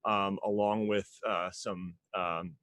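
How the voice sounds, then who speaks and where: A man's voice: low voice, steady tone, slow, fairly bright tone, no room sound. A man playing a character in a tabletop game, rambling with many hesitant fillers. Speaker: player.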